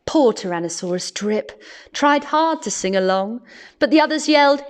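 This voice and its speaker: A woman reading a picture book aloud to children, animated and expressive, often laughing. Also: on the high side, moderate pace. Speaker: storyteller.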